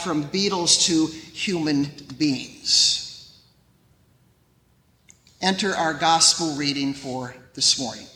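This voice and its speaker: A man preaching a sermon as pastor, in a measured storytelling way. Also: on the high side, pushed and bright, reverberant, long reverb tail, poor audio.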